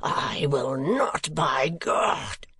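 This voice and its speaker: A man reading aloud, voicing a drunken, furious nobleman with a thick, hoarse voice that rises high and breaks into rasping whispers. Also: drawn-out words, a bit bright, a little hiss or hum, heavily acted. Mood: enraged.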